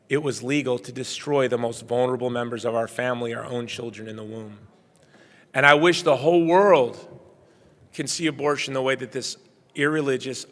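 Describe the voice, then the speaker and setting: Earnest man telling his story in a hall. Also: mid-range voice. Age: middle-aged. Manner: earnest storytelling, swings from quiet to loud. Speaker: keynote speaker. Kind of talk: personal testimony speech. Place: banquet hall. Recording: reverberant hall.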